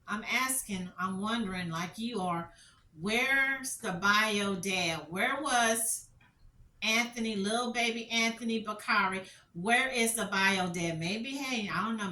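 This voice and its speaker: A woman's voice: mid-range voice, pushed and bright, echoey room, far from the mic. A middle-aged woman telling stories as a commentary vlogger, passionate and repetitive, full of rhetorical questions. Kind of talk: emotional storytelling commentary.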